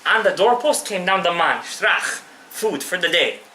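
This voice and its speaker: A man's voice: sits high, expressive, measured pace, bright, forceful tone, reverberant, a little hiss or hum, poor audio. A male rabbi giving a live Torah class, passionately addressing his listeners directly and mixing in Hebrew terms.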